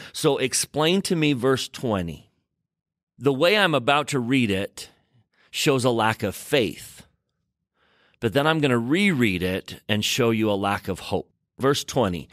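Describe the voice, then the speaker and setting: Man, scripture teacher, emphatic, middle pitch, dry close sound. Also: no echo. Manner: emphatic, reads verses aloud and rereads with stress. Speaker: scripture teacher and podcast host. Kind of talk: scripture study discussion.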